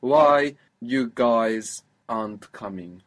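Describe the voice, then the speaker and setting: A man teaching a spoken language lesson, patiently prompting his student with questions and modelling phrases slowly. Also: medium pitch, fairly bright tone.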